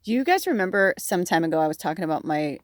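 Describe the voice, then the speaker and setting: A woman with a slightly low, dry-sounding voice gives a casual tarot reading to her viewers. She rambles in a chatty way, leans on filler words and laughs often as she goes. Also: animated, fast, no room sound. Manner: laughs often while talking. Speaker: tarot reader.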